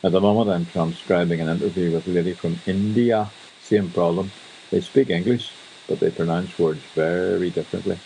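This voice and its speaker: A Northern Irish man rambles through a casual radio chat with dry humour. His voice sits very low with a gravelly fry and a dark, mellow colour. Faint hiss runs under the recording. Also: fairly even intonation, moderate pace, poor audio. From Northern Ireland. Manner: chatty, wry storytelling. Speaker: radio host. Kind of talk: casual monologue.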